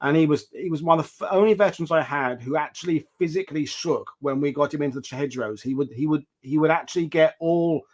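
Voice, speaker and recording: A man with a slightly higher-than-usual voice hosts a history chat over a video call. He tells stories in an animated, rambling way and keeps restarting his phrases. The style is casual and anecdotal. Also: quick pace, hardly any pauses. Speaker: host.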